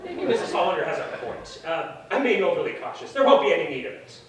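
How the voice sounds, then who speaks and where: An actor playing a calm, persuasive schemer who explains the plan matter-of-factly in a live stage comedy. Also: male voice, a little high, fast. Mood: smooth. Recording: distant stage mic, echoey theater, noise.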